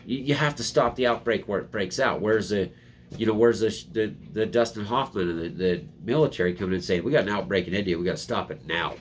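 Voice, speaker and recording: A man's voice: on the low side, fast, slight background noise. A man hosting a casual political commentary, reading headlines and ranting sarcastically from home, with frequent restarts. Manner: sarcastic, rambling, mocking voices in quotes.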